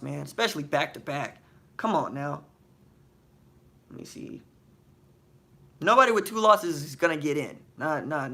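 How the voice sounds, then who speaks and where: A man hosting a live stream, reading viewer questions from the chat aloud and answering them with slangy, animated banter and rapid rhetorical questions. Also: fairly high pitch. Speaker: podcast host.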